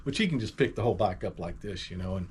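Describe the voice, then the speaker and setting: A man's voice: fairly low pitch, fast, noisy background. Middle-aged man telling a story casually. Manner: animated, conversational, acts out moments.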